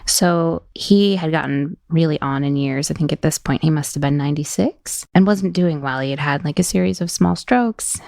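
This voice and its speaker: A woman reminiscing in casual conversation, telling vivid, animated stories. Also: low-pitched, moderate pace, creaky, few pauses, no room sound, clean studio sound. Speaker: guest.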